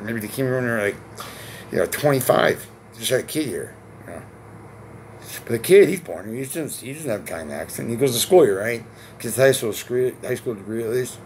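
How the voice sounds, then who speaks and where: A man's voice: fairly low pitch, slight background noise. A man in his forties from Connecticut, talking alone to camera in a long rambling monologue, swearing, repeating himself and asking rhetorical questions. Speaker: vlogger.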